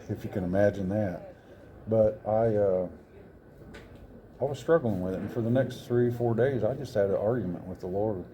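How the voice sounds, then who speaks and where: A man's voice: fairly low pitch, dark tone, a little hiss or hum. A man in his sixties, an interview guest, telling a personal story in an earnest, rambling way with frequent self-corrections. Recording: crowd chatter behind.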